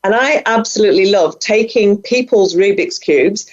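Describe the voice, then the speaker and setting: A middle-aged woman talking casually and with enthusiasm as a guest on a video call, chatty and quick to laugh. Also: mid-range voice, animated, darkish tone. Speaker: guest, budgeting coach. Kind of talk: casual interview talk. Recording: muffled, lo-fi sound.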